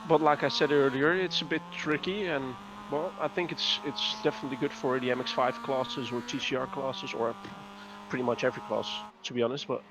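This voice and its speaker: A man's voice: medium pitch, steady tone, fairly quick. A man co-commentating on an online race in an easygoing way, reading out chat messages. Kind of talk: casual sim racing commentary. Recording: dull lo-fi stream audio with faint noise.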